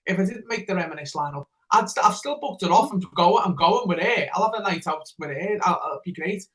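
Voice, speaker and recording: A man's voice: sits high, expressive, a little fast, a bit bright, rough recording. A man, a DJ, telling his story in a casual podcast interview in an eager, rambling way with many restarts. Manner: rambling, repeats himself, eager. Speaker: DJ and radio presenter.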